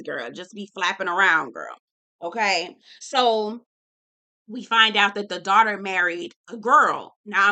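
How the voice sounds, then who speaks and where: A woman giving a casual, profane reality TV recap, sassy and animated, calling everyone "girl". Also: medium pitch.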